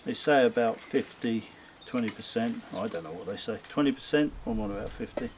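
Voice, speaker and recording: A man vlogging outdoors in his garden, his voice bouncing around a lively, wide pitch range. He rambles in a self-mocking way and keeps breaking into high coaxing pet talk. The outdoor recording carries plenty of background noise. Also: fairly quick. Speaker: bushcraft vlogger. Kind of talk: casual chat while working outdoors.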